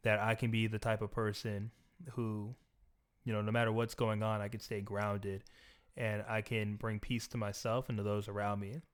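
A young man telling a personal story in a reflective, earnest, soft-spoken way. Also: fairly low pitch, little pitch movement, moderate pace, clear, resonant tone.

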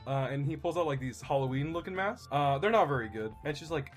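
A man's voice: fairly high pitch, expressive, quick pace, hardly any pauses, faint music behind. A man taking his turn in a casual group story game, loose and hesitant. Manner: loose, hesitant, laughing easily.

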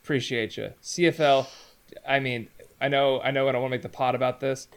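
A man's voice: mid-range voice, fairly even intonation, a little fast, clean tone. A man co-hosting a casual sports podcast by call from abroad, rambling and correcting himself as he talks. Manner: rambling, self-correcting, laughs easily. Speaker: podcast co-host.

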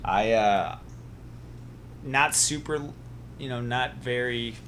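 A man's voice: mid-range voice, takes it slowly, a bit bright, slight background noise. A man from Iowa co-hosting a casual sports podcast, laid-back and dryly teasing his co-host. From Iowa, USA.

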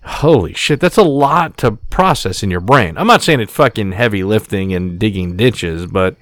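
A man co-hosting a podcast, chatting casually and rambling through a story. He swears freely and restarts often. The voice is lowish and dry, with no room sound. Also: animated, moderate pace, fairly bright tone, no room sound. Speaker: podcast co-host. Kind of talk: casual chat.

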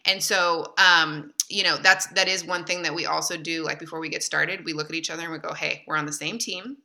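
A woman's voice: sits low, level tone, a little fast, gravelly, sharp tone. A woman in her thirties, a podcast guest, telling stories in a chatty way with frequent laughs and fillers. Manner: chatty, laughs often, lots of fillers and restarts. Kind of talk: casual conversational storytelling.

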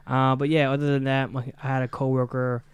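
A man with a smooth, resonant voice, recorded close and dry, co-hosting a casual podcast from an apartment. He tells profane stories and jumps into loud, animated quotes of the people in them. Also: medium pitch, a little fast, dry recording. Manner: profane storytelling, acts out quotes loudly. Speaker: podcast co-host. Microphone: studio mic in apartment.

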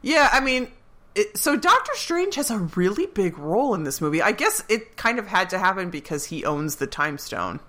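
An American woman co-hosting and editing a podcast, chatty and quick to laugh. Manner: chatty, laughs often, lively pitch swings. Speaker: podcast co-host and editor. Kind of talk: casual chat.

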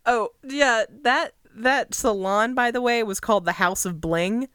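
A woman's voice: fairly high pitch, a little slow, a bit bright, smooth, dry recording. A young woman co-hosting a casual podcast, giving dry, wry commentary on a movie. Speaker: podcast co-host. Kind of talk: casual chat reviewing a movie.

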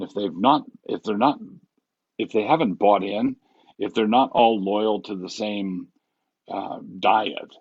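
A man's voice: fairly low pitch, breathy edge, dry recording, highs cut off. A man, a pastor, talking casually on a podcast with many restarts and chuckles at his own examples. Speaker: pastor and guest author.

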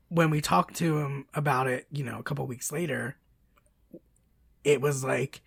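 Brief: excitable podcast co-host, woman, raspy with fry. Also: deep voice, moderate pace, no room sound, studio quality. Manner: excitable, chatty, many fillers and restarts. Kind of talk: casual chat.

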